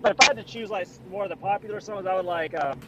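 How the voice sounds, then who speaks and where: A man talks loosely on a podcast, stumbling through his thoughts with ums and likes. His voice sits fairly high, and he keeps saying man and dude. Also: rapid-fire, fairly bright tone, highs cut off, a little hiss or hum. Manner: rambling, filler-heavy, says man and dude. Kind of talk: casual podcast chat.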